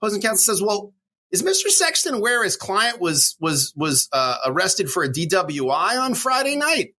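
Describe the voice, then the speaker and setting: A man's voice: high voice, big pitch swings, moderate pace, sharp tone. A middle-aged man, a divorce attorney co-hosting a podcast, telling a courtroom story in a worked-up rant and acting out the voices of the people in it. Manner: worked-up ranting, acts out quoted voices.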